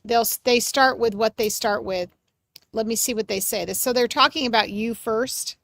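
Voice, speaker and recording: A woman hosting a live mediumship reading for her chat, gentle and reassuring, searching for words with many pauses and fillers. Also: a little high, gravelly. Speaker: medium and livestream host.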